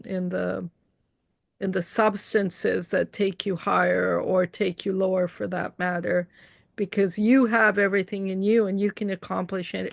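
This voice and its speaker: A woman's voice: mid-range voice, vocal fry, dry recording. A woman from Canada in a casual online conversation, earnestly telling stories about her spiritual experiences over a video call. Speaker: interviewer.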